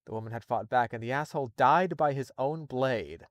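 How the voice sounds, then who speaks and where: A man's voice: medium pitch, moderate pace, few pauses, dry recording, studio quality. A man doing a casual live reading of a horror story, swearing freely and breaking off into laughing asides. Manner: profane, laughing, digressive asides. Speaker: story reader, streamer.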